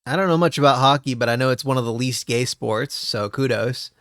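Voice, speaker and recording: A man chatting on a casual podcast as a guest, brash and animated, often breaking into laughter. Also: medium pitch, brisk, no room sound, studio quality. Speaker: VTuber streamer, podcast guest.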